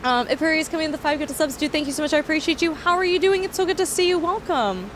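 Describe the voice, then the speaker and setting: A young woman from Canada, a streamer chatting casually with viewers while playing a farming game, self-deprecating and quick to thank people. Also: sits high, a little hiss or hum. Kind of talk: casual livestream chat while gaming.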